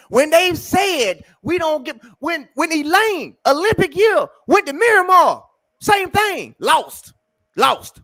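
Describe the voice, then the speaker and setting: A man co-hosting a track talk show, shouting in outrage and then hushing himself to stay calm. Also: extremely high pitch, unhurried. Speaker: track podcast co-host. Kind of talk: heated sports talk.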